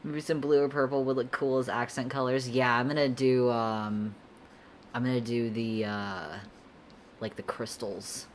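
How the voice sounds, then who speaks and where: Very low-voiced, laid-back young woman streamer. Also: steady tone, measured pace, a little hiss or hum. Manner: laid-back, rambling, giggly, slangy. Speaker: artist streamer answering chat. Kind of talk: casual livestream chat while drawing.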